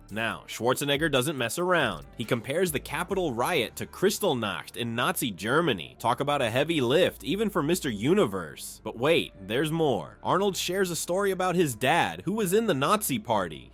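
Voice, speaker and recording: Male narrator, slightly high voice, lively and snarky, with faint music underneath. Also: slightly rough. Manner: snarky, punchline-driven. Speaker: commentary narrator. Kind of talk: scripted comedic narration.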